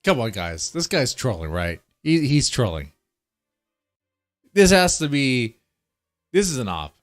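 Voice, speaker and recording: Streamer host, lively voice, scoffing reaction commentary. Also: male voice, mid-range voice, measured pace, faint music behind. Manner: incredulous, mocking asides.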